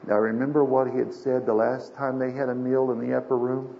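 A man's voice: medium pitch, fairly even intonation, normal speed, gravelly, mellow. An older man preaching a sermon as a pastor, folksy and storytelling, with emphatic swells. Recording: dull lo-fi sermon recording with faint hiss.

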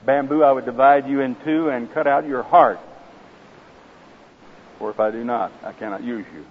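A man voicing the grave, loving male master of a garden, speaking slowly and solemnly. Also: mid-range voice, natural voice. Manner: slow, solemn and measured. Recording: slightly dull with faint hiss.

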